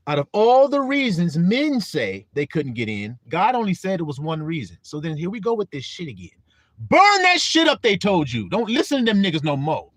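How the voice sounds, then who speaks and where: A man's voice: a little high, darkish tone. A man preaching a casual sermon to an online flock, firing rhetorical questions in a blunt, profane way.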